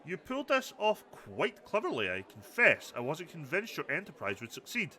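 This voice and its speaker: Brief: man reading a flattering old game mayor, animated and bright. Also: on the high side, normal speed, heavily acted. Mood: genial. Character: genial older male lord mayor.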